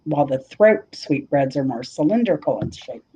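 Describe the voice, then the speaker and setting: A woman's voice: low-pitched, lively intonation, normal speed, dark tone. A woman in casual chat, explaining food facts in an informative way. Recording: dull lo-fi stream audio.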